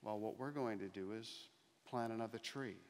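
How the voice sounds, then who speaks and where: A middle-aged man giving an inspirational keynote speech, telling stories with slow, emphatic pauses that build to louder climaxes. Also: fairly low pitch. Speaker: motivational speaker. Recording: long reverb of a large hall.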